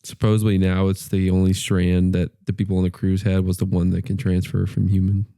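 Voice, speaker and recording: Low, very dark-voiced joking man. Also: monotone, brisk, creaky, no room sound, clean studio sound. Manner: short wisecracks, joking interjections. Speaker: podcast co-host. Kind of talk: casual chat.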